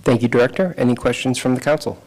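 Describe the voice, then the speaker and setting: A man serving as mayor, chairing a council meeting with brisk procedural phrasing and a bit of humor. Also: mid-range voice, steady tone, darkish tone. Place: council chamber.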